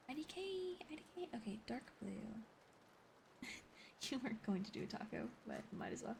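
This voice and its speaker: Whispering young woman streamer, soft and giggly. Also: fairly high pitch, wildly swooping pitch, a little fast, vocal fry, noisy background. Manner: chatty, giggly, thanks viewers. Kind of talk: whispered ASMR stream chat.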